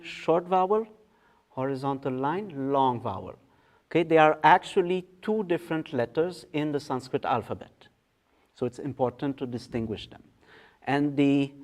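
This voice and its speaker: A man teaching in a meditation hall, patiently explaining how to pronounce a mantra step by step and chanting its words slowly. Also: fairly high pitch, darkish tone. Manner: patient, explains step by step, often checks in with "okay?". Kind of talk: guided mantra pronunciation lesson.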